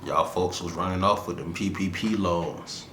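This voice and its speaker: A man hosting his own podcast, ranting casually in slangy, laid-back talk with animated asides. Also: sits low, moderate pace, roomy sound, very noisy. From Florida, USA. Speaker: podcast host. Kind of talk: casual solo commentary.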